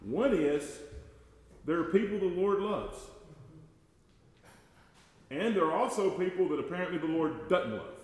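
Guy preaching a sermon in a big echoey church, folksy y'all talk, gets loud and slow on bible quotes. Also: high voice, lively intonation. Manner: folksy, addresses congregation as y'all; swells loud and slows on scripture quotes. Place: church sanctuary. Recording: echoey church hall with long reverb.

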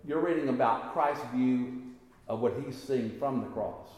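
Impassioned preacher in an echoey hall. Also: male voice, measured pace, a little mellow. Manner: conversational preaching that climbs to high impassioned peaks. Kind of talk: sermon.

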